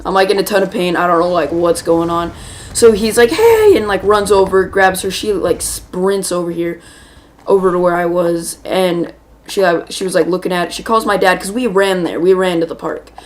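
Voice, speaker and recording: A woman's voice: lowish voice, slight background noise. A woman hosting a gaming video, telling a rambling, chatty story while she plays and breaking off to react to the game. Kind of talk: casual storytelling while playing a shooter game.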